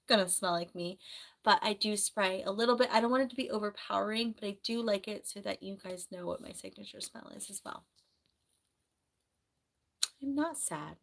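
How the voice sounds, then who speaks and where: On a live stream, a woman chats in a casual, rambling way and reads comments aloud as she goes. Her voice is soft and middling in pitch, and a sore throat has her clearing it now and then.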